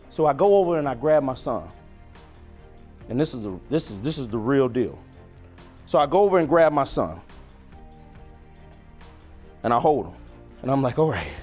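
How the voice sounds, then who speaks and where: A young man giving a motivational keynote on a conference stage, swinging from loud to near-whisper with a preacher-like cadence. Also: sits high. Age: young adult. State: choked up and crying at times. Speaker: motivational speaker.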